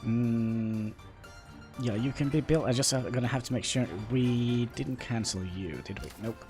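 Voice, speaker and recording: A man from Norway with a Norwegian accent, chatting with viewers while playing a game, halting and self-deprecating. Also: mid-range voice, darkish tone. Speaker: livestreamer. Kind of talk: casual gameplay livestream commentary. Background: faint background music.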